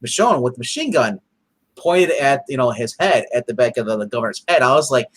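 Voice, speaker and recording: A man co-hosting a casual comic review chat, excitable and rambling, often restarting his sentences. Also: mid-range voice, a little fast.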